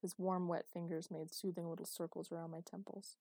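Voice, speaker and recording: Low, mellow-voiced woman narrator. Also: a little fast, few pauses, no echo. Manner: intimate, steady storytelling. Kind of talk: first-person romance audiobook narration.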